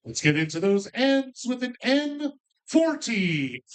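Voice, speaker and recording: A man calling bingo numbers in a bar, drawing each number out slowly between joking asides to the players. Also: very high-pitched, very animated, smooth. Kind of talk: live bingo calling with banter.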